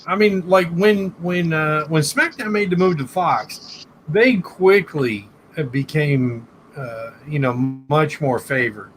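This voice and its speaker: A man co-hosting a wrestling podcast, musing out loud with frequent restarts. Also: fairly high pitch, takes it slowly, a little hiss or hum. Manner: hesitant, restarts while reasoning aloud. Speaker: podcast co-host. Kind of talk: casual wrestling chat.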